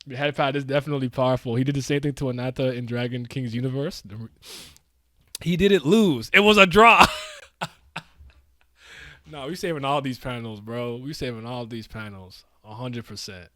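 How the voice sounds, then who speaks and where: A young man streaming live, reacting to a comic he reads aloud, excitable and full of profane slang. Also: medium pitch, moderate pace, long pauses, dry recording, clean studio sound.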